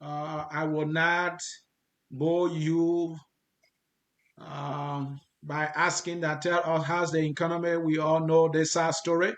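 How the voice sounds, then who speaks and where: A man hosts an interview in a fairly high voice. His manner is informal and conversational, and he slips in wry, joking remarks as he sets up the discussion. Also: flat delivery, takes it slowly. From Liberia. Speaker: interview host.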